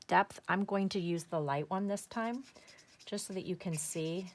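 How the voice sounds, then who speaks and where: A woman's voice: on the low side, measured pace. A woman hosting a craft tutorial, chatting enthusiastically as she works step by step and talking to herself. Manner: chatty, enthusiastic, talks to herself while working. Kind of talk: casual step-by-step craft demonstration.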